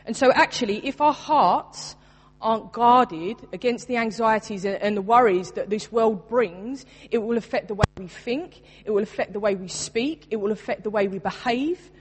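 A woman's voice: mid-range voice, moderate pace, a little hiss or hum. Earnest woman preaching in reverb. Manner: earnest, personal, emphatic preaching. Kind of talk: sermon. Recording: long reverb in a large room.

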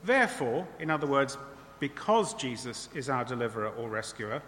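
Preacher with a bright, echoing voice. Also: male voice, mid-range voice, sing-song, moderate pace, slight background noise. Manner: conversational, with frequent tag questions. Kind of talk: sermon.

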